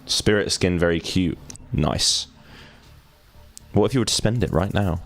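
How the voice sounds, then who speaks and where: Young male streamer, low voice, dry jokey commentary over gameplay. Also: a little slow. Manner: joking, sarcastic asides while reading. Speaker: gaming streamer. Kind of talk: casual let's-play commentary, reading game text aloud.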